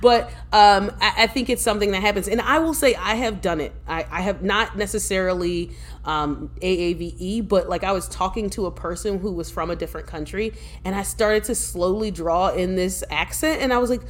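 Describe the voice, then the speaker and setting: A woman talking as a podcast guest, telling lively stories with frequent laughter and restarts. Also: mid-range voice, brisk. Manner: lively storyteller, laughs often, restarts sentences. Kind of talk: casual podcast conversation.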